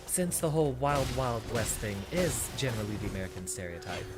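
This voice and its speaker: A man from Texas streaming a video game in a put-on teacher persona voice, thinking aloud in relaxed, chatty commentary. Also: mid-range voice, fairly quick. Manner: performs a put-on teacher persona voice rather than his real one. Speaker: VTuber streamer. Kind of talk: casual gameplay commentary. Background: game music.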